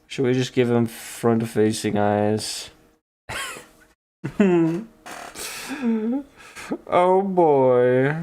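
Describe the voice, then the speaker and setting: A man's voice: medium pitch, extremely slow, long pauses, warm tone, clean tone. A man drawing and chatting playfully, laughing often and slipping into silly posh voices. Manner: giggly, jumps into silly fancy voices. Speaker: artist drawing on stream. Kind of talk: playful commentary while drawing.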